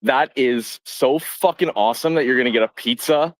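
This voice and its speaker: A male caller who talks in an excited, stammering rush. His voice sits at an ordinary pitch. The sound is dry. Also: normal speed, no room sound, low-quality recording. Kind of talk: casual call-in chat.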